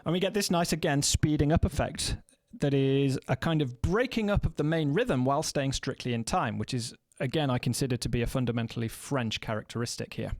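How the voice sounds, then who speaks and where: A man teaching snare drum technique, explaining in a measured way and counting rhythms aloud, with occasional fillers and self-corrections. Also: medium pitch, darkish tone, dry recording. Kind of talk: instructional music lesson.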